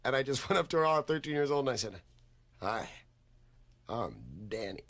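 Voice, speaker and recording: A man's voice: a little high, rapid-fire, a bit bright. Man telling a wry anecdote. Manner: wry storytelling. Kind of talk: comedic anecdote.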